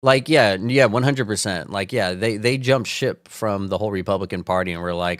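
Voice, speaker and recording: A man's voice: sits low, a little fast, few pauses, a bit bright, no echo, studio quality. A man hosting a live stream, reacting to viewer comments in casual, profane, sarcastic chat with frequent laughter. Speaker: livestream host.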